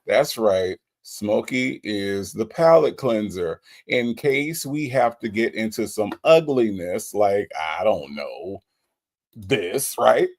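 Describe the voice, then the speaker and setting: Lively man hosting a live chat. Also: fairly low pitch, slow. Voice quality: lively, playful, teasing delivery. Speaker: livestream host. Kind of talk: casual live chat, reading out viewer comments.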